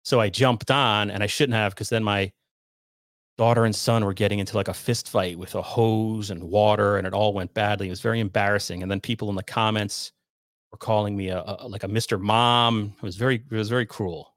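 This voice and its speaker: A man's voice: on the low side, steady tone, brisk, dry recording, clean studio sound. Chatty man hosting from his basement. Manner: chatty, reads viewer comments aloud. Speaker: podcast host. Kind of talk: casual livestream chat, reading super chats. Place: home basement.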